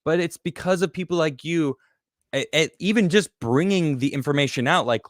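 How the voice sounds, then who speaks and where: A man hosting a casual political talk show, reading viewer comments and joking in an animated, emphatic way. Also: a little high, a little fast, dry recording, studio quality. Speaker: podcast host reading super chats.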